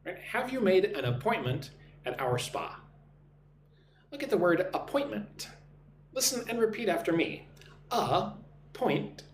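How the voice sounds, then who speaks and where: This American English teacher streaming live has a high, very animated voice, a moderate pace, and frequent pauses. He greets his viewers by name and leads them through repeated phrase drills in an echoey room with a faint hum.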